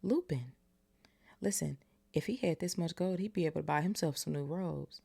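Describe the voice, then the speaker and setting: A woman voicing an excitable teenage boy wizard while reading a storybook aloud, eager and loud. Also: deep voice, moderate pace, gravelly, slightly rough, pitched above the performer's own voice, full character voice. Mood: excited.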